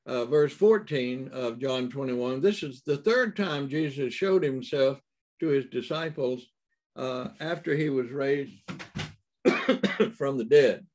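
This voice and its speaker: Man, preacher, sermon, unhurried delivery, restarts and fillers, emphatic rises. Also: mid-range voice, a little mellow.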